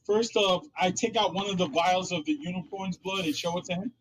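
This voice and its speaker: A man's voice: high-pitched, a little fast, slight background noise, low-quality recording. A man playing his character in a tabletop game, blunt and dismissive. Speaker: player.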